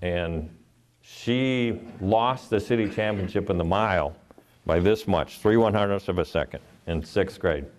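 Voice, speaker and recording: A man's voice: sits low, unhurried, a little hiss or hum. A middle-aged man from Ohio giving a live motivational keynote, telling earnest personal stories and acting out the voices in them. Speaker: motivational speaker.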